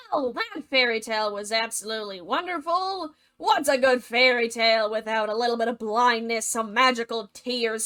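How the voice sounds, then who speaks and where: A woman narrates a fairy tale as comedy, dropping sarcastic jokes in a bubbly, quick manner. Her voice is bright and sits slightly high. The delivery is playful storytelling. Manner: sarcastic, jokey asides, fast and bubbly.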